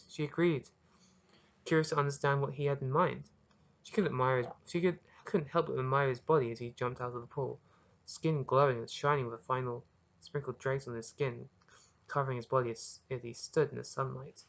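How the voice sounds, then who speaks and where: An author reading their own story aloud as narration, earnest and expressive, with occasional small restarts. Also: mid-range voice, a little fast, creaky. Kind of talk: audiobook narration.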